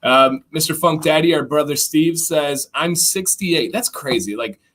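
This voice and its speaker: A middle-aged man from Michigan hosting a casual livestream chat, animated and reading viewer comments aloud. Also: on the high side, measured pace. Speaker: livestream host.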